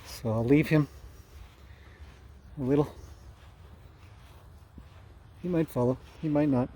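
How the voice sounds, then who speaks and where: A man training horses out in a pasture, talking casually to the camera and chatting to the horses in a relaxed way. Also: fairly high pitch, takes it slowly. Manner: relaxed, talks to the horses as he goes. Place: outdoors in a pasture among horses.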